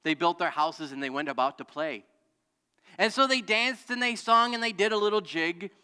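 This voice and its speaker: A man's voice: sits high, expressive, moderate pace, bright, forceful tone, smooth, big-room sound. A man preaching a sermon as pastor, telling a story and calling out to the congregation for answers. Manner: storytelling with audience call-and-response. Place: church sanctuary.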